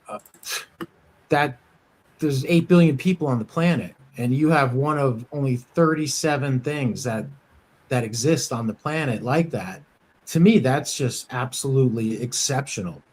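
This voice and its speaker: A man from the United States hosting a coin dealer podcast, talking casually with many fillers and restarts. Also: medium pitch. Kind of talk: casual shop talk podcast.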